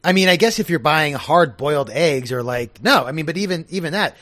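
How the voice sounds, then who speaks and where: A man's voice: a little high, lively intonation, fairly quick, pushed and bright, no echo. A man co-hosting a podcast in casual chat, asking wry, dry-humored questions. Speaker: podcast co-host.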